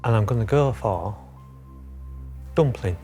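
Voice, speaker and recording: Slow, careful man. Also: on the low side, animated, dark tone, faint music behind. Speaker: quiz contestant. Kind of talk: answering quiz questions. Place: TV studio.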